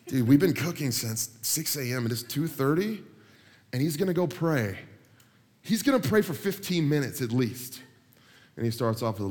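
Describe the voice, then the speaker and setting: A man's voice: mid-range voice, normal speed. A man preaching a sermon, joking with his listeners and acting out the people he talks about. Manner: animated, joking, acts out people he mentions. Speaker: pastor. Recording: long hall reverb.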